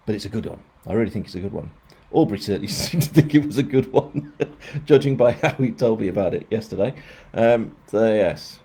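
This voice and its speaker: A man's voice: fairly low pitch, warm tone, breathy edge. A man, an author chatting casually on a live stream, rambling and poking fun at himself. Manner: rambling, self-mocking.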